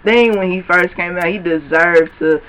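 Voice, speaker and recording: A high-pitched man talks loosely and profanely on a casual podcast, acting out little quoted exchanges. His tone is bright and forward. A faint hiss sits behind him. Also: moderate pace, dull audio. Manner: animated, profane, acts out quotes in voices. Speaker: podcast co-host. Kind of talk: casual chat.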